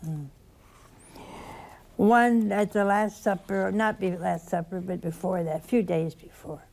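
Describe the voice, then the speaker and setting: A woman with a Southern accent preaching a sermon, telling the story slowly and animatedly, dropping at times to a soft whisper. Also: mid-range voice, steady tone, gravelly.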